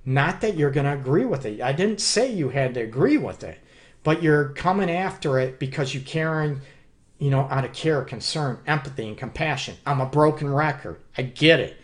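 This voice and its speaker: A man's voice: fairly high pitch, lively intonation, moderate pace. A man hosting a live relationship advice show as a counselor. He talks emphatically and keeps checking in with his listeners. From Detroit area. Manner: emphatic, keeps checking in with "okay?" and "you know what".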